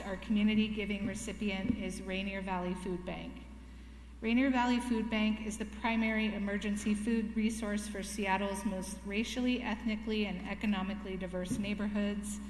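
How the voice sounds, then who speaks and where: A woman's voice: mid-range voice, a little mellow, a little hiss or hum. Woman reading church announcements. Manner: reading announcements, correcting small slips. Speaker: worship leader. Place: church sanctuary. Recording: roomy sanctuary echo.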